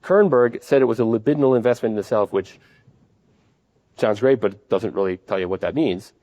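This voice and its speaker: A man lecturing as a psychiatrist at a conference, rattling along at a brisk clip. His voice is mellow and dark. His delivery is conversational, and he acts out examples as he explains. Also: lowish voice, muffled recording. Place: conference at a hotel.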